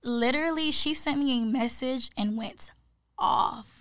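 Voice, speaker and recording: Animated and playful with quoted lines, this high-voiced young podcast co-host acts out dialogue while telling a story in casual chat. Her pace is measured, and the recording is dry, with studio quality.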